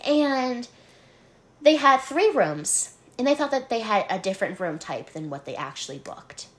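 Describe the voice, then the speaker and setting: On a laid-back podcast, a young female co-host who works the front desk at a hotel recounts a work story. Her voice is on the high side at a moderate pace, and she's animated, cursing freely and laughing along the way.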